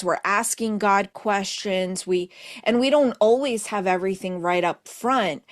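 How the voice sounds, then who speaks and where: A woman hosting a podcast, talking casually about faith in a reflective, affirming way. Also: medium pitch. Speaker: podcast host.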